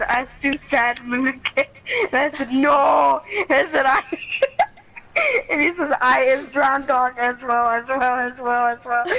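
A woman's voice: high voice, sharp tone, poor audio. A woman streaming a video game, rambling through a story about chat messages and giggling often. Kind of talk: casual gaming stream chat.

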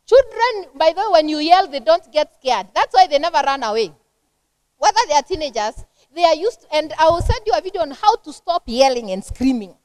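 Kenyan lady speaker at a church parenting seminar, high voice, dry close sound, chatty and lively. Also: brisk, no room sound. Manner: lively, conversational teaching that acts out everyday scenes. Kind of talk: seminar talk to a church women's group.

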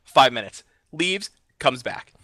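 Animated, bright-voiced man ranting. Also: medium pitch, slow, dry recording. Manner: animated, exasperated ranting punctuated by laughter. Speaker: podcast co-host. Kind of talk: casual storytelling on a gaming podcast.

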